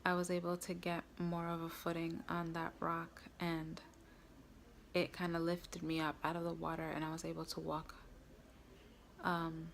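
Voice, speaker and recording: A woman's voice: low voice, creaky, slight background noise. A woman vlogger earnestly recounting a personal story to camera, with frequent fillers.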